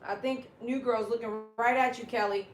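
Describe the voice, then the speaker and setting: A woman's voice: fairly high pitch, fairly even intonation, moderate pace, slight background noise. Chatty woman streaming from an echoey room. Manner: chatty, talks to her dogs and reads viewer comments aloud. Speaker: dog groomer and livestream host. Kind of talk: casual livestream chat. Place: at home with her dogs.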